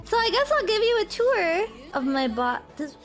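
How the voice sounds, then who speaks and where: A woman streaming live, chattering excitably, swearing and breaking into shouts. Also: extremely high pitch, moderate pace, music in the background.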